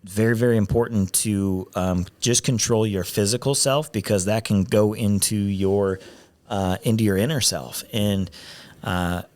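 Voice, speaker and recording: Podcast host, male, somewhat low voice, rambling casual delivery with restarts. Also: fairly even intonation, a little slow, darkish tone. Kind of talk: casual chat. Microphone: headphones and studio mic.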